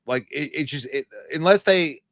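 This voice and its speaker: A man's voice: on the high side, moderate pace, fairly bright tone. A man co-hosting a live movie show, giving blunt opinions in a casual, rambling way. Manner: blunt, opinionated, trails off and restarts. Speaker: podcast co-host. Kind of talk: casual live-stream chat.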